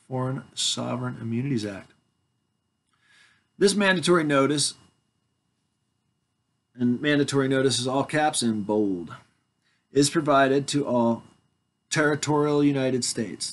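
A man in his forties reads legal paperwork aloud to his viewers, stopping to call out every comma, parenthesis and bold heading. His voice sits in a middle pitch. He breaks off now and then to talk straight to his audience. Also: measured pace, long pauses. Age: 40s. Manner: reads word by word, calling out punctuation, with asides to the audience. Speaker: vlogger reading his legal documents aloud.

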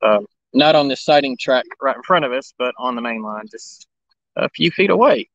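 A man's voice: mid-range voice, animated, moderate pace, a bit bright, no room sound, dull audio. A man live streaming from a cell phone beside railroad tracks, chatting casually and greeting viewers by name. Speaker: railfan livestreamer. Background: background noise, running engines.

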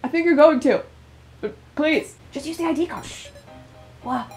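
A woman's voice: high-pitched, moderate pace, darkish tone, faint music behind. A young woman doing let's play commentary on a horror visual novel. She jumps easily, laughs often and talks back to the characters.

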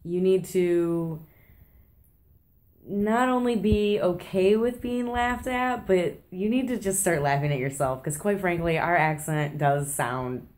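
A woman's voice: on the low side, slow pace, darkish tone. An American woman talking casually in a confessional travel vlog from her apartment kitchen, chatty and self-deprecating, with lots of fillers and restarts. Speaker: travel vlogger.

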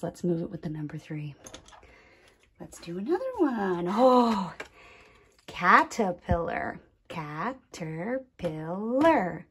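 Slow, sing-song woman teaching children. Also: fairly low pitch, slightly rough. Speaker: primary school teacher. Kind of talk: children's lesson.

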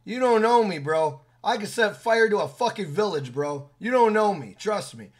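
A man with a fairly high voice for a man, ranting at his audience. He swears constantly, repeats himself for emphasis and talks in a blunt, heated way. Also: expressive, normal speed. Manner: profane, heated, repetitive, blunt. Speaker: gaming video creator. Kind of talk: angry rant to camera.

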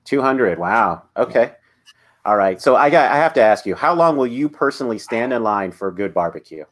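A man's voice: mid-range voice, expressive, brisk, a bit bright. A man moderating a panel discussion, asking questions in a friendly, conversational way.

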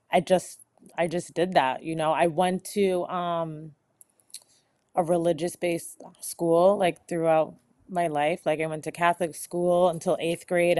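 Woman guest, calm and reflective, slightly low voice, dry close sound. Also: no room sound. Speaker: podcast guest. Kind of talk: casual chat.

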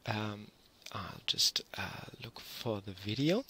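A man giving an online university lecture, explaining in a measured way with frequent ums and restarts. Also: fairly low pitch, animated, bright, forceful tone, slight background noise, rough recording.

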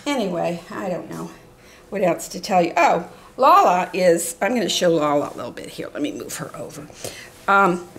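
A woman's voice: fairly low pitch, expressive, moderate pace, a bit bright, a little hiss or hum. An older woman chatting casually to the camera, rambling and doting, often dropping to a whisper. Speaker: reborn doll collector vlogger.

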